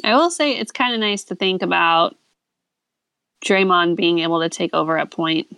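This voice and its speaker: A woman's voice: lowish voice, moderate pace, creaky, pushed and bright, clean tone, no room sound. A woman in casual podcast chat, dropping wry quips. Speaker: podcast co-host.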